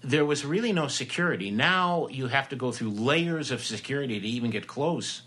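Bright-voiced older man telling stories. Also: mid-range voice, expressive, moderate pace. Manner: chatty anecdotal storyteller, frequent fillers and restarts. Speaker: entertainment reporter, guest. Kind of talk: casual storytelling interview.

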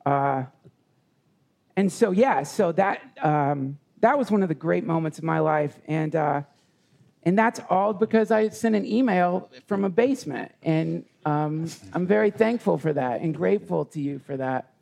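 A man with a raised pitch and a gravelly, rough edge tells a heartfelt personal story. He rambles and halts, circling back over his own words. The setting is a live retreat session. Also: animated, darkish tone. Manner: rambling, halting with restarts. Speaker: podcast guest.

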